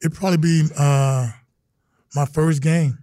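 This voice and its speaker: Man, middle-aged, interview guest, animated storyteller, acts out quotes, dry close sound. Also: on the high side, measured pace, no echo. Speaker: interview guest, retired football player.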